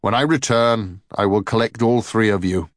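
A man voicing a stern, wrathful male thunder god in a storybook reading, speaking slowly and commandingly. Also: no room sound, clean studio sound, natural voice. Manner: booming and slow, commanding.

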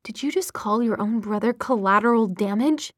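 A woman reading an audiobook, voicing a fierce young woman who speaks in a sharp, urgent way. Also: mid-range voice, normal speed, no echo, clean studio sound, close to an everyday voice.

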